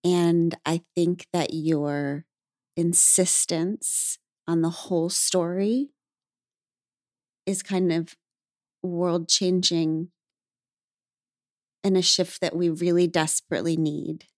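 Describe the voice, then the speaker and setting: A woman hosting a podcast interview, affirming her guest with soft murmurs and effusive praise. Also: on the low side, flat delivery, slow pace, pauses often, no echo, clean studio sound. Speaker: podcast host. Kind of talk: conversational interview.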